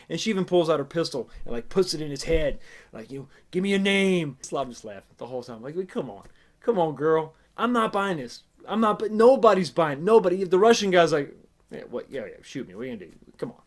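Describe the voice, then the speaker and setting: A man casually reviewing a TV episode in a sarcastic, exasperated, rambling way. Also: a little high. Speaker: TV show reviewer.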